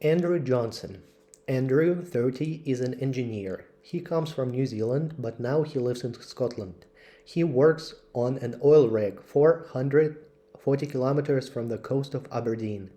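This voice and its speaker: An English teacher with a warm, mid-range voice reads textbook passages aloud for lessons. His delivery is slow and careful.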